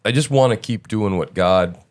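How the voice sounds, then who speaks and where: A middle-aged man with a very low, smooth and resonant voice, hosting a casual stream. He talks loosely and rambles, full of fillers and restarts. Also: moderate pace, darkish tone. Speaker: show host. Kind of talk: casual live-stream chat.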